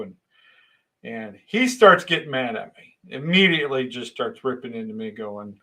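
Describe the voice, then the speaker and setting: A man's voice: medium pitch, lively intonation, moderate pace, sharp tone, low-quality recording. A middle-aged man casually telling a long personal anecdote, rambling with restarts and acting out exchanges. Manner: rambling, with many restarts and dramatic voice shifts. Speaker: storyteller.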